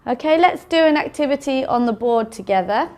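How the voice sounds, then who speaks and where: A woman teaching an English phonics lesson, sounding out words slowly and carefully for learners. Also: sits high, lively intonation, darkish tone. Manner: slow, careful enunciation of sounds.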